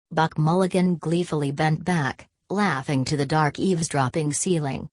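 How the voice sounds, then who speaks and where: A woman narrating a literary audiobook in a measured, steady reading style. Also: low-pitched, no room sound.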